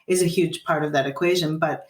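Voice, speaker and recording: Low-pitched and steady, this woman speaks fairly quickly while coaching parents on a podcast, earnestly explaining and acting out what a parent and child might say. The recording sounds roomy and far from the mic.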